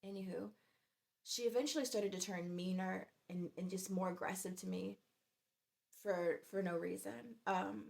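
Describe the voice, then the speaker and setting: A woman's voice: medium pitch, fairly even intonation, normal speed, creaky, darkish tone. A woman in her forties telling a workplace story in a chatty, exasperated way. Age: 40s. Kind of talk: casual storytime vlog.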